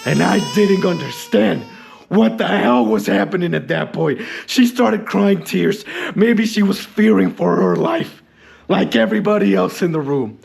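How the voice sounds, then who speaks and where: A man telling a comedic story about his school days, dramatic and exaggerated, sometimes bursting into shouts. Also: high-pitched, creaky. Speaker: storyteller and channel host.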